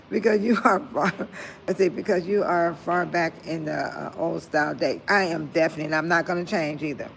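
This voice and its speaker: Gravelly retired lady on a phone livestream, chatty, keeps laughing at her own jokes. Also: fairly low pitch, moderate pace, a little hiss or hum. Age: older. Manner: chatty, laughs often, talks straight to viewers. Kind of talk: casual livestream chat with viewers. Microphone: phone held close to the face.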